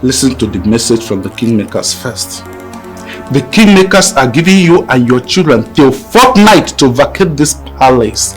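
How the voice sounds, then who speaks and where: An actor playing a stern palace messenger, delivering a formal message in a film drama. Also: male voice, a little high, fairly bright tone, slightly rough, full character voice. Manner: formal, authoritative.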